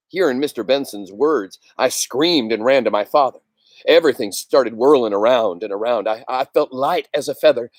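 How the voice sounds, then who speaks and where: A man reading a novel aloud with expressive delivery, pausing for asides to his listeners. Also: medium pitch, no echo. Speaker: reader.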